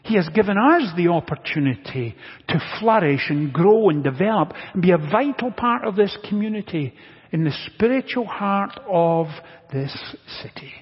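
High-voiced pastor in an echoing sanctuary. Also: male voice, expressive, moderate pace, breathy edge. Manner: earnest, builds to emphatic repetition. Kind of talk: sermon. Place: church sanctuary. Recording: dull lo-fi audio with long church reverb.

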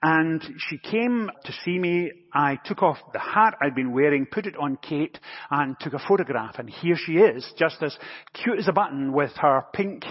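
Husky-voiced pastor in a reverberant church. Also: male voice, fairly high pitch, expressive, moderate pace. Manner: anecdotal, gently humorous storytelling. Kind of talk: sermon. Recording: dull recording with long church reverb.

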